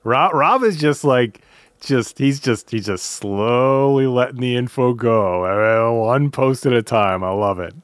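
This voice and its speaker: A man hosting a podcast, chatting in a loose, halting way with frequent restarts. His voice sits at an average pitch. The sound is dry and close, with no room echo. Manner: relaxed, halting, repeats words. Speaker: podcast host. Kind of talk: casual podcast chat.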